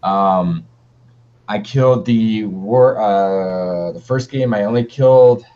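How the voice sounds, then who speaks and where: A man's voice: fairly low pitch, takes it slowly, warm tone. A man co-hosting a wargaming podcast in a laid-back, rambling chat with many fillers. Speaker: podcast co-host. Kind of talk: casual chat. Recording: dull lo-fi stream audio.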